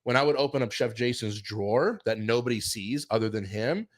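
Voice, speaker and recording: A middle-aged man telling a casual career story, animated, acting out quotes and saying "like" a lot. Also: mid-range voice, brisk. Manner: animated, acts out quotes, many fillers like "like". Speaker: chef and show guest telling his career story.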